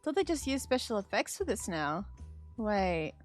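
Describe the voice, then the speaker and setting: A woman reading the lines of a vain, jumpy young male actor from a game, excitable and jumping high when startled. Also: normal speed, soft background music, close to an everyday voice. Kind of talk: dramatic game dialogue read aloud.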